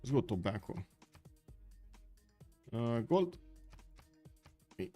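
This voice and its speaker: Male stream caster, mid pitch, loose chatty commentary full of fillers, faint music behind. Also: big pitch swings, drawn-out words, mellow. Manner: chatty, thinks aloud, many fillers. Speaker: game caster.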